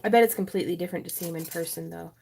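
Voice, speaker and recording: Racing through a casual wire-wrapping tutorial on a livestream from her home craft room, a woman giggles and chats with her viewers. Her voice is on the low side and warm, with vocal fry and slight background noise.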